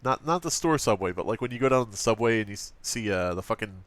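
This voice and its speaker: A man's voice: on the low side, expressive, quick pace, no room sound. A man casually commenting on an old gaming magazine, joking, swearing and using lots of fillers. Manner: profane, joking, frequent fillers. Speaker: let's play host.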